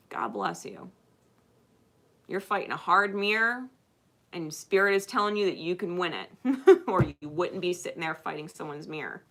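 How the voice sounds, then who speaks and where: A woman with a bright, ringing voice giving spiritual advice to her viewers, blunt and full of swearing. She moves between loud, emphatic stretches and hushed, intimate ones. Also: lowish voice. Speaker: spiritual channel host.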